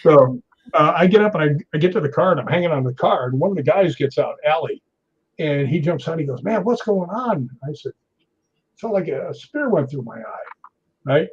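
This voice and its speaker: A man in his sixties, a stunt performer, telling anecdotes in a lively way, laughing often and acting out other people's lines. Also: fairly high pitch, brisk, slightly rough. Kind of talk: anecdotal storytelling. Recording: dull lo-fi recording.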